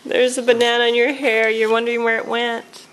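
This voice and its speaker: A woman's voice: fairly high pitch, flat delivery, fairly quick, a bit bright, a little hiss or hum. A young woman filming her baby at home, coaxing her to talk in a sing-song voice and often laughing.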